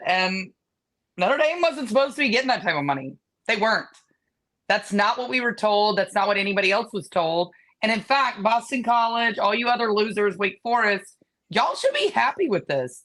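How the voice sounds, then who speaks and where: A woman's voice: mid-range voice, lively intonation, moderate pace, fairly bright tone. Blunt, mocking woman podcast co-host. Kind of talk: casual sports podcast chat.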